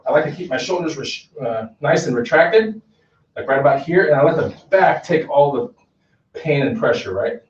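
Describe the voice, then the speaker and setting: A male fitness instructor with a fairly high, lively voice chats through a casual workout demo at a moderate pace, often checking in with "okay?" He's picked up by a distant mic from across an echoey indoor gym, so the sound comes out dull.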